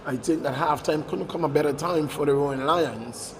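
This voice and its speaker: A man giving live football commentary, excitable and bantering, shouting when goals go in. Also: on the high side, normal speed, big-room sound, slight background noise, low-quality recording. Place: stadium commentary position.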